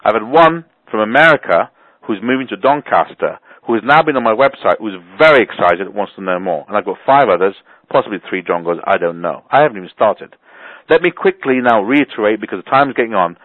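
Heard on a thin-sounding phone line with no echo at all, a fairly low male voice leads a business conference call. The chat is informal, meandering and forceful, with words said twice to drive things home.

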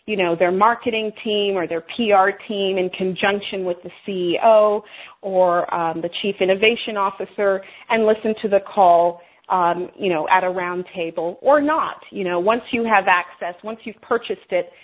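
A woman guest on a radio show, briskly and reassuringly pitching her webinar in a husky voice. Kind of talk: interview answers, sales pitch. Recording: tinny phone line.

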